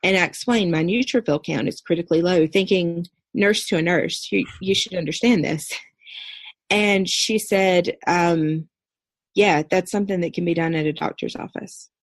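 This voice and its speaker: A woman in her thirties, a podcast guest, earnestly telling a personal story in a steady recounting way. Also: lowish voice, moderate pace, dry recording. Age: 30s. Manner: earnest, steady recounting with brief quoted dialogue.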